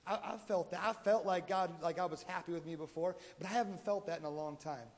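A man preaching a sermon, moving between quiet pleading and loud exhortation. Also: high voice, a little fast. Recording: long hall reverb.

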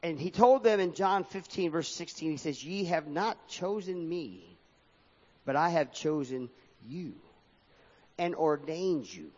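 In a church hall, a man with a slightly mellow voice on the high side reads scripture aloud during a sermon, his sing-song cadence swinging up and down. The recording is dull and lo-fi, with long hall reverb.

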